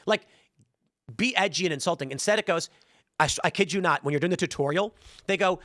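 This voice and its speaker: A man's voice: high voice, fairly quick, pauses often, fairly bright tone, no echo, clean studio sound. A man hosting a show, giving blunt, ranting opinion commentary. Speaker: show host.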